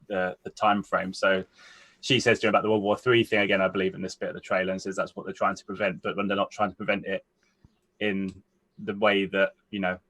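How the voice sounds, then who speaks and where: A man chatting casually about movies as a co-host, his voice sitting on the low side. He thinks out loud, circling through long sentences before landing his point. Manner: rambling, thinks aloud in long winding sentences. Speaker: film podcast co-host. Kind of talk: casual film chat.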